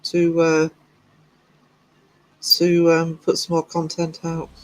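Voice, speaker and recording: This livestream host is a man whose voice sits on the high side, monotone and slow. He giggles while reading chat messages aloud in casual stream talk, and faint music plays behind the low-quality recording.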